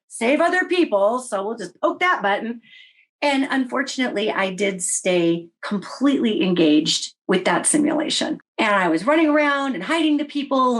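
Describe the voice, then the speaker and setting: A middle-aged woman telling her own story in a casual interview, wry and animated, often voicing her own past remarks. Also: medium pitch. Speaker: interview guest recounting experiences.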